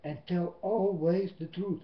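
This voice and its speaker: A man whose first language is Dutch, preaching a sermon in English into a webcam at home, slow and emphatic, swinging between loud and soft. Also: high voice, fairly even intonation. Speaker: lay preacher. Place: indoors at home. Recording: roomy, dull webcam audio.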